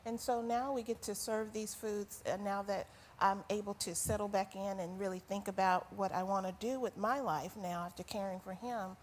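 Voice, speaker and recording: A woman appearing as a guest on a talk show, explaining things in an earnest, practical way. Her pitch sits in the middle range. Faint background noise from the studio is audible. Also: steady tone, moderate pace, hardly any pauses. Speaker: guest, food business owner.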